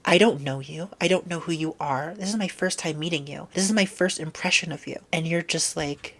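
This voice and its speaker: A woman vlogger ranting in a casual monologue, animated and exasperated, swearing freely. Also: low voice, a little fast, few pauses.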